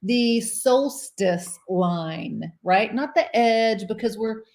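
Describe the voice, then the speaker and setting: A woman's voice: on the high side, lively intonation, takes it slowly, darkish tone. A middle-aged woman, co-hosting a cruise vlog live stream. She chats casually, laughs often and reads viewer comments aloud. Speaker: cruise vlogger co-host.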